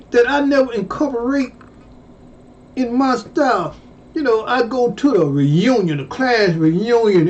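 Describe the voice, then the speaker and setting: Man, high voice, slow delivery, casual profane storytelling, loud high exclamations. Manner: exclaims loudly, jumping high in pitch and swearing. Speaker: storyteller vlogger. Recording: dull lo-fi recording.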